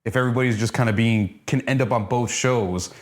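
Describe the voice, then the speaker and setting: A man co-hosting a casual wrestling review, talking in a laid-back, swearing way as he pitches ideas. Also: brisk. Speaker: podcast co-host.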